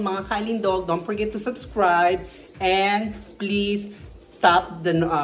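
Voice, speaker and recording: A woman's voice: mid-range voice, takes it slowly. A woman with a Filipino accent in a casual morning vlog, chatting and searching for words as she mixes in Tagalog. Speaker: vlogger. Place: outdoors on a balcony, then in a home kitchen.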